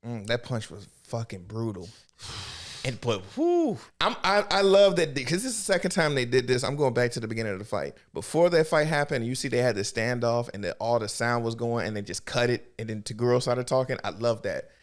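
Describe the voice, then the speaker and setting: A man chatting on a podcast about an anime episode, his pitch swooping wildly up and down as he acts out the characters. He talks loosely and casually, jumping into over-the-top voices. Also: big pitch swings, brisk. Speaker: podcast co-host. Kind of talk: casual anime recap chat.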